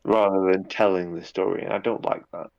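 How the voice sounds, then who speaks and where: Deep gravelly guy rambling through an interview, dull lo-fi sound. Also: brisk, crowd noise. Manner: relaxed, rambling with repeats and fillers. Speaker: guest, YouTube narrator. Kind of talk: casual interview chat.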